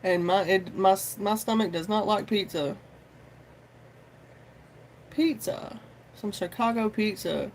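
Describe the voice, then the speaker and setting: A tarot reader on a live stream chats informally and drifts from topic to topic, swearing freely, greeting viewers by name, saying "y'all" a lot, and offering a pep talk. Her medium-pitched voice moves at a moderate pace with hardly any pauses, over a little hiss or hum.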